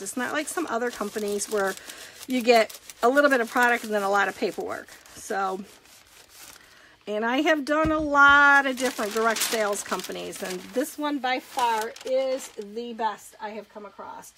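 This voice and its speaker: A woman's voice: fairly high pitch, normal speed, bright, forceful tone, slight background noise, poor audio. A woman giving a chatty live crafting demonstration, walking through each step and greeting viewers as she works. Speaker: craft demonstrator and direct sales consultant.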